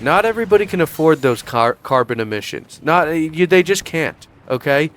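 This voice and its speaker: A man's voice: a little high, expressive, moderate pace, fairly bright tone. A young man in a casual commentary vlog, sarcastic and profane, mocking as he talks. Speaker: YouTube commentator.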